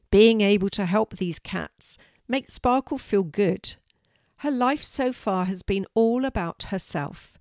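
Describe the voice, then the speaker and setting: An older woman narrating a children's story in a calm, steady storytelling manner. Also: lowish voice, dry recording, clean studio sound.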